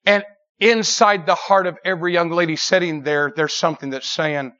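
A middle-aged male preacher tells stories to a church crowd in an animated, emphatic way, stacking repeated words as the tale builds. His voice sits slightly high for a man. The recording is dull and lo-fi. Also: normal speed. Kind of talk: storytelling sermon.

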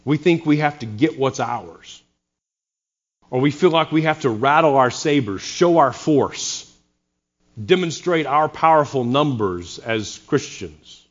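A man's voice: mid-range voice, expressive, measured pace, lo-fi sound. A man preaching a sermon, earnest, with wry sarcastic asides to his congregation. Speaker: pastor.

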